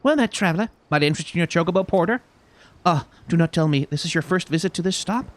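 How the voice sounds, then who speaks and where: A man doing a chirpy, fast-talking porter clerk. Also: a little high, pitched above the performer's own voice, close to an everyday voice. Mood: officious. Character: chirpy, officious male chocobo porter clerk.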